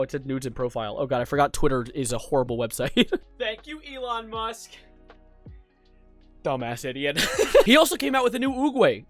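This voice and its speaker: A man's voice: high voice, bright, forceful tone, no room sound. A man commenting on internet drama in a sarcastic, incredulous way, often breaking into laughter. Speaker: YouTube commentator.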